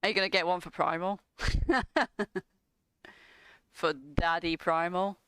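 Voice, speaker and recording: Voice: mid-range voice, steady tone, unhurried, fairly bright tone, clean tone, no room sound, clean studio sound. A streamer giving casual gameplay commentary, full of sarcasm, laughter and swearing.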